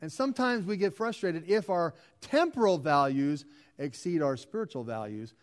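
Preaching man with a fairly high voice. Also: expressive, normal speed. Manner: preaching with rising emphasis and repeated phrases. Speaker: pastor. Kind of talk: sermon.

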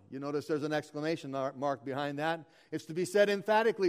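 Pastor, male, higher-pitched voice, earnest sermon delivery with slow emphatic scripture reading. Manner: earnest preaching, reads scripture slowly and emphatically.

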